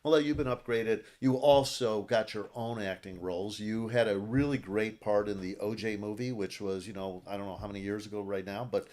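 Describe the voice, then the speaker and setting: A man's voice: fairly low pitch, fairly even intonation, brisk, few pauses. A man hosting an interview podcast, asking his guests questions in an encouraging way. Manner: encouraging, asks gently with lots of yeahs. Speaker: podcast host. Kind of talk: casual interview.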